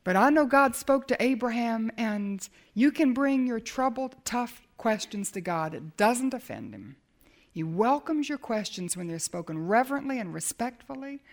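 A woman preaching a sermon as a Bible teacher, dramatic, swinging from emphatic lines to hushed ones. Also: fairly high pitch, lively intonation, moderate pace.

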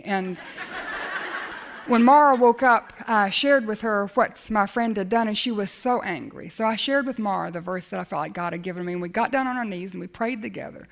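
A middle-aged woman preaching, telling a personal faith story with lively acted-out dialogue. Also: a little high. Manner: animated storytelling, acts out dialogue. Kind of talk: sermon storytelling.

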